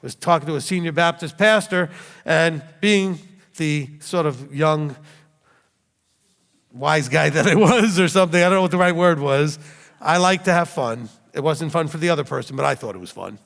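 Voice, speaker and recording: A man's voice: a little high, moderate pace, creaky, a bit bright. A middle-aged man teaching scripture as a rabbi, telling stories with laughs and rhetorical questions. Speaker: rabbi teaching a Bible study. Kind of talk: animated sermon teaching. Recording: long hall reverb.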